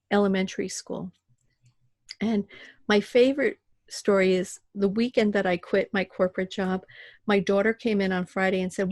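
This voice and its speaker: Middle-aged woman, podcast guest, lively storyteller, dry close mic, mid pitch. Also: dry recording. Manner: animated storyteller who acts out voices. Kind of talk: casual podcast conversation.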